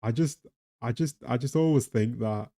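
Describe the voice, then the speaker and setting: A tired-sounding man with a faint Geordie accent chats casually on a live stream, laughing and rambling about the economy. His voice is medium in pitch and warm, at a moderate pace, and he talks to both his chat and a pet.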